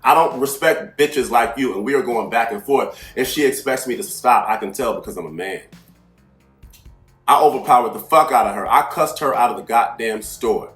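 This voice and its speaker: A man hosting an astrology channel, telling a story in a brash, profane, animated way that swings into loud outbursts. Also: medium pitch, a little fast. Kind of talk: casual storytelling monologue. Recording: echoey room with faint music behind.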